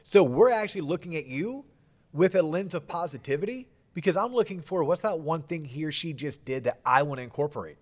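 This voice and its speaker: Joking, animated male podcast host. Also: fairly high pitch, fairly quick. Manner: animated, joking, self-deprecating. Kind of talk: casual interview chat.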